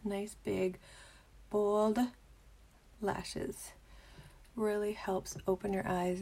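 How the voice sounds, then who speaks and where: A bubbly young woman talks through a makeup tutorial in a casual, chatty way, and now and then her voice drops to a soft whisper. Her voice sits at an ordinary pitch for a woman and carries a noticeable gravelly fry. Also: fairly even intonation, very slow, pauses often.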